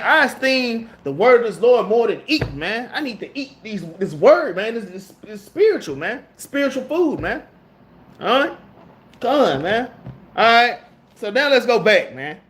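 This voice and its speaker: High-voiced preacher who keeps saying "man". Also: fairly bright tone. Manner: conversational, slangy, keeps saying "man" and "all right?"; reads scripture aloud and then riffs on it. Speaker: preacher teaching a Bible class. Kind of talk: street-style sermon.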